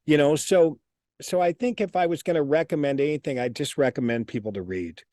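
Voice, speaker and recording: Animated, profane male storyteller, dry sound. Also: a little high, a little fast, no echo. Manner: animated, profane, repeats words. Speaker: interview guest. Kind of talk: casual interview storytelling.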